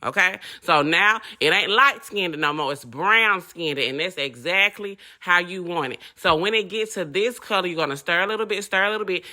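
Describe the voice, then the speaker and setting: A woman with a Southern accent hosts a casual home cooking tutorial. Her voice is bright and forceful, and her talk is folksy and chatty as she keeps calling viewers honey. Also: lowish voice. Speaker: cooking show host.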